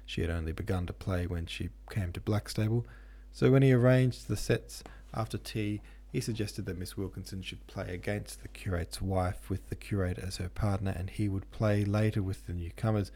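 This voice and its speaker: A classic novel is read by a man who works as a podcast host and audiobook narrator. His delivery is measured and steady, and his low voice sounds husky, dark and mellow.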